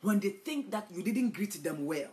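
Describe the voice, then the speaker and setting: A woman preacher giving a dramatic sermon, swinging from hushed storytelling to loud declarations. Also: mid-range voice, expressive, normal speed.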